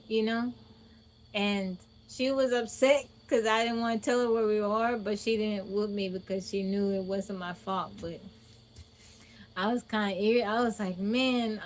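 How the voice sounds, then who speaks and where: A woman hosting a phone livestream, telling a childhood story to her chat in a chatty, animated way with laughs. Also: a little high. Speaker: livestream host. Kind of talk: casual storytelling to a live chat. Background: crickets and insects.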